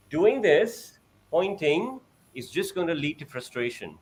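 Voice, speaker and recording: Animated man acting out conversations. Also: a little slow. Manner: acts out parent-child exchanges in a bright high voice. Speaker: parent sharing experience.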